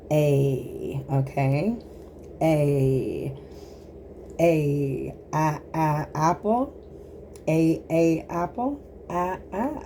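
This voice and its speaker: A woman's voice: sits low, mellow, slight background noise. An American woman at home, sounding out the letters of the alphabet in a casual phonics lesson with a small child nearby. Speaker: home teacher of American pronunciation.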